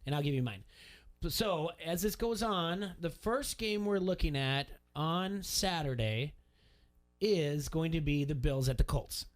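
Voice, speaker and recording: A man's voice: fairly high pitch, animated, unhurried. A man hosting a local sports radio show, chatting casually and rambling with his co-host. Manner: laid-back, laughs often, rambling.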